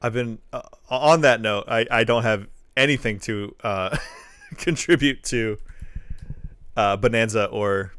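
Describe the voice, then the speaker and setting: A man's voice: lowish voice, measured pace, fairly bright tone, clear, resonant tone. A man co-hosting a live-streamed chat show, mostly listening and reacting with short responses and laughs. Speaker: podcast co-host. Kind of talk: casual chat.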